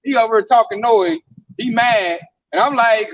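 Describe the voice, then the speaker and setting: A man's voice: extremely high pitch, normal speed, fairly bright tone, no room sound, far from the mic. A man speaking at an informal scripture discussion, telling stories in an emphatic, slangy way. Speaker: camp speaker. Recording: dull sound from off the mic.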